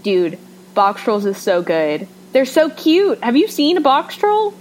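A woman's voice: fairly high pitch, sing-song, a little slow, darkish tone, slight background noise, rough recording. A young woman co-hosting a podcast, chatting casually and gushing with jokey enthusiasm. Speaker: podcast co-host. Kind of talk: casual chat.

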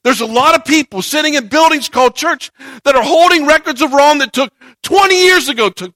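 A man's voice: very high-pitched, a little fast, pushed and bright, no echo, clean studio sound. A man preaching a sermon in a conversational way, rising to emphatic points and acting out the quoted voices of churchgoers. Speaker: pastor.

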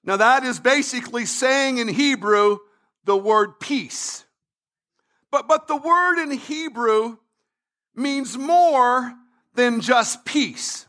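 Pastor guy preaching, really high bright voice, super slow and punchy, repeats himself and shouts. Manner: emphatic preaching with repeated phrases and rising shouts. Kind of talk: sermon.

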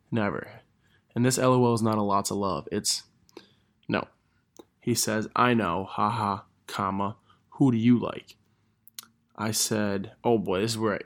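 A young man hosting a casual podcast, rambling and self-deprecating as he reads old messages aloud. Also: lowish voice. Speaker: podcast host.

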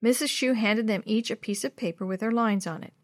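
A woman narrating a children's chapter book in a clear, steady storytelling voice. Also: on the high side, a little fast, no echo, clean studio sound.

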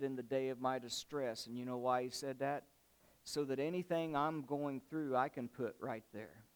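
A man preaching a sermon, rising into loud impassioned swells and then dropping back to a quieter, conversational tone. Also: a little high, clean tone. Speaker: pastor.

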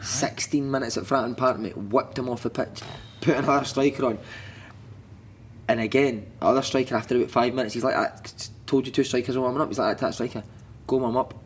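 A Scottish man in his thirties, a former footballer on a podcast, telling animated, sweary stories and shouting out quoted lines. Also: medium pitch, brisk, slight background noise. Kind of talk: casual chat, storytelling.

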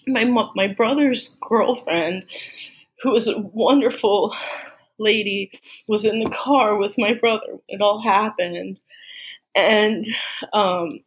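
Woman guest from Austin; candid, halting storyteller with lots of fillers, close to tears at times. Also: medium pitch. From Austin, Texas. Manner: candid, halting, many "like" and "you know" fillers. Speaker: guest sharing a personal story. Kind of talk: emotional personal storytelling.

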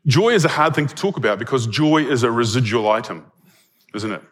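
Conversational New pastor preaching. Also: male voice, medium pitch, lively intonation, fairly quick, a bit bright. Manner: conversational, often checks in with "okay?". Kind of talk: sermon.

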